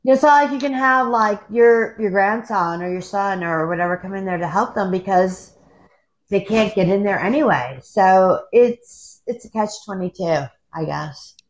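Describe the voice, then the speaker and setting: A woman's voice: mid-range voice, normal speed, muffled recording. A woman from the Pittsburgh area chatting casually on a podcast, rambling and laughing easily. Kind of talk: casual chat.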